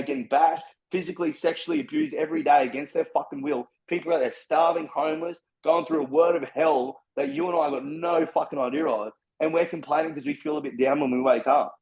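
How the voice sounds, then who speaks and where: Fast-talking blunt man. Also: a little high, muffled recording. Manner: blunt, heavy swearing, preachy. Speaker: podcast guest. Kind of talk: casual chat.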